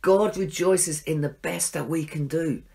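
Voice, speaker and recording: A man's voice: fairly high pitch, unhurried, creaky, a little mellow. A middle-aged man giving a sermon in a conversational, self-deprecating way, acting out his own inner voices. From England. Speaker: pastor.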